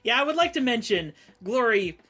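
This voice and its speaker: A bright, animated voice running the table with playful narration and easy laughter. It swings freely up and down in pitch. Faint music plays underneath. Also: moderate pace. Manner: playful, teasing, laughs often. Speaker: game master. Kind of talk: tabletop game narration and banter.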